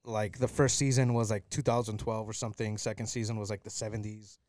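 A man's voice: fairly low pitch, level tone, a little fast, a little mellow, dry recording, studio quality. A man in casual podcast chat, telling rambling stories and laughing as he goes.

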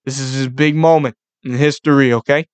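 A young man hosting a casual solo podcast, ranting in a profane, excitable, rambling way. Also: medium pitch, a little fast, a little hiss or hum. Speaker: podcast host.

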